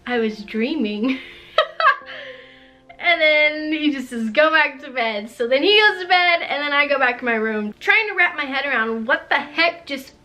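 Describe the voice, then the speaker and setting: A young woman telling a storytime vlog, animated and laughing often as she talks. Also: high-pitched, normal speed, soft background music. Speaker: vlogger.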